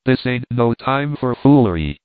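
A rough middle-aged tramp, rattled and blustering, talking in loose slangy speech, as a man reads him aloud. The voice is mid-pitched and dry, with a thin, phone-like tinniness to the audio. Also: animated, normal speed, no echo, natural voice. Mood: bewildered. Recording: tinny, dry phone-like sound.

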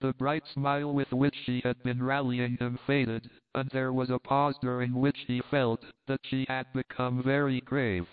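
A man narrating a classic novel in a measured, literary reading. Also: mid-range voice, level tone, smooth. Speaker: audiobook narrator. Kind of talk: scripted narration. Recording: phone-like thin sound.

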